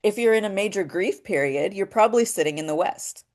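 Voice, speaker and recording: A woman's voice: medium pitch, expressive, a little fast, a little mellow. A woman voice actor giving a reflective, spiritual talk in an earnest way, often checking in with a rhetorical "right?". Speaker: voice actor and workshop speaker.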